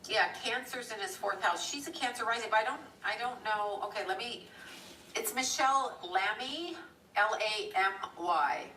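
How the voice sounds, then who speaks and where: A woman with a bright, sharp-edged voice talks casually on a live stream, rambling from one thought to the next with blunt, salty asides. She sits back from the mic in a roomy, echoing space, with a faint hum of ambience behind her. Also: a little high, moderate pace. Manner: rambling, blunt and profane, chuckling. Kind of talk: casual live-stream chat while drawing. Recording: roomy echo from a distant mic.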